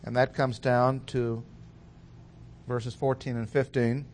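A man teaches through a Bible passage in a steady lecture voice at an ordinary middle pitch. He explains step by step and slows down to stress the words that matter most. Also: a little hiss or hum.

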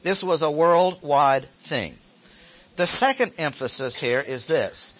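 A man's voice: on the high side, lively intonation, takes it slowly, a bit bright. A man teaching a Bible lesson, reading verses aloud and stopping to explain them with short asides and repeated key phrases. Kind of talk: expository Bible lecture.

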